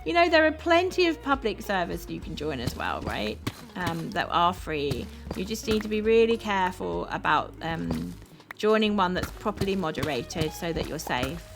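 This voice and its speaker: A woman from South London with a South London accent, chatting casually with her viewers while playing a game, upbeat and quick to laugh. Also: fairly low pitch, big pitch swings, vocal fry. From South London, England. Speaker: streamer. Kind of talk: casual chat with live chat while gaming. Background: background music.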